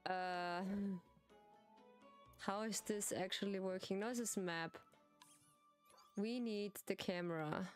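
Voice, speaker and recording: Slow-talking German-accented woman streamer. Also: medium pitch, steady tone, faint music behind. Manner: halting non-native English, giggly, chatty with restarts. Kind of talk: casual gaming stream chat.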